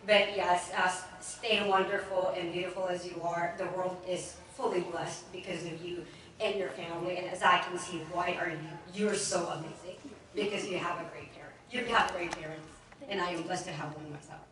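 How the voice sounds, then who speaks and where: A woman's voice: lowish voice, fairly even intonation, normal speed, a bit bright. A woman giving an earnest, emotional toast at a party. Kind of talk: heartfelt speech. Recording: echoey room from far off.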